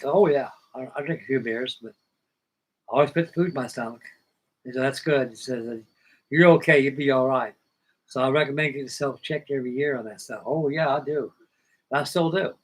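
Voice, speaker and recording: A man's voice: mid-range voice, low-quality recording. Older man telling folksy stories. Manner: folksy, plainspoken, acts out old conversations. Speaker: hobby model-building livestream host. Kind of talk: rambling personal storytelling.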